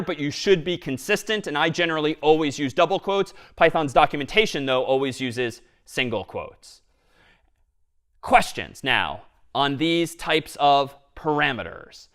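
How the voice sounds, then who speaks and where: Male lecturer, fairly high voice, walks through live code step by step with lively energy. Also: moderate pace. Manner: explains step by step, lively and engaged. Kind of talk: university lecture with live coding.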